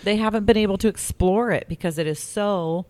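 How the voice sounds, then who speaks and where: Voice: medium pitch, brisk, dry recording. A podcast co-host chiming in during casual chat. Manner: animated, chiming in.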